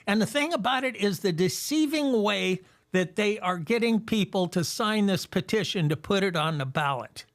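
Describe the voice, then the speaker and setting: A man hosting a political talk show, reading out figures slowly and deliberately in casual conversation. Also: high voice, lively intonation. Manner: reads figures slowly with emphasis.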